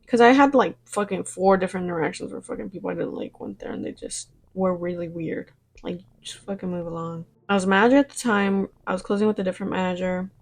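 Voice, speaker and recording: Young woman vlogger, casual storytime, rambly and profane, mid pitch. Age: young adult. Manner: rambling, swears freely, mimics her own past replies. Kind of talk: get-ready-with-me storytime chat.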